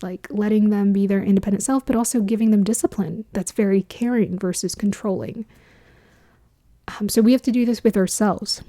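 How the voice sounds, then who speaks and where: A woman's voice: mid-range voice, dark tone. A woman giving a casual spiritual astrology talk, musing aloud, laughing often and dropping into whispers for emphasis.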